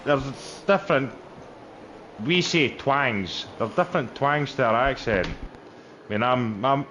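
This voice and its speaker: A man's voice: medium pitch, slow pace, highs cut off, crowd noise. A man with a Stirling Scottish accent, chatting and laughing casually while driving a sim race. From Scotland. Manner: chatty, laughs often, broad Scots words. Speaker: sim racing league driver. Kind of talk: casual chat while racing.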